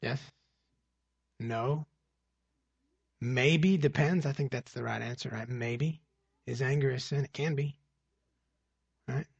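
A man's voice: medium pitch, takes it slowly, creaky, long pauses, slightly rough, no room sound, dull audio. A man preaching a conversational sermon, asking the congregation rhetorical questions as he reads and explains scripture. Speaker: pastor. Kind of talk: expository sermon.

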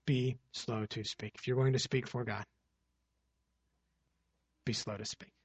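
A man's voice: mid-range voice, steady tone, measured pace, husky, dry recording. A man preaching a conversational sermon, asking the congregation rhetorical questions as he reads and explains scripture. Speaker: pastor. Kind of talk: expository sermon.

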